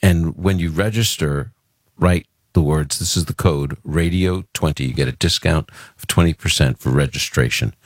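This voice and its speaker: Very deep-voiced man hosting call-in radio. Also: moderate pace, dry recording, studio quality. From Brooklyn, New York. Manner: earnest, conversational, with fillers and restarts. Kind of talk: casual radio talk.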